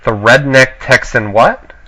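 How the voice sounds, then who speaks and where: A man's voice: medium pitch, unhurried, bright, forceful tone, no echo. A man hosting an internet radio call-in show, teasing his co-host and laughing easily in casual banter.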